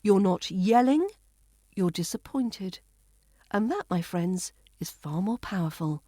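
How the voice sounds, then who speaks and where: A woman with a polished British RP accent gives a scripted podcast lesson, measured and precise in her delivery. Her voice sits at an everyday middle pitch for a woman. The recording is close and dry, with no room sound. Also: expressive, mellow, dry recording. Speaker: accent coach and podcast host.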